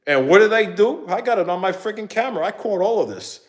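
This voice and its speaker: High-voiced man ranting in a rambling way. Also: fast talker. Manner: animated, rambling, acts out quotes. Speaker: vlogger. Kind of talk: casual ranting storytime.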